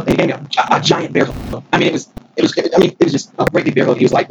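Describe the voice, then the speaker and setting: Man, rapid rambling storytelling, slightly high voice, background noise. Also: vocal fry, highs cut off. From Mississippi. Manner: rambling, excited, many restarts. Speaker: podcast guest. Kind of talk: casual storytelling. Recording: noisy recording.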